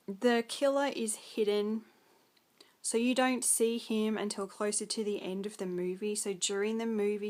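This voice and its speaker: A young Australian woman with an Australian accent, rambling through a casual film review full of ums and likes. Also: medium pitch.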